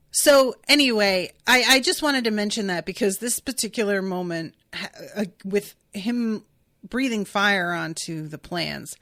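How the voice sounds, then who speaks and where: A woman's voice: mid-range voice, fairly bright tone, no room sound, studio quality. A woman hosting a solo podcast recap, chatting candidly, laughing often and acting out quoted lines. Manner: chatty, candid, swears when quoting. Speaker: podcast host. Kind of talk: solo episode recap, reading listener chat.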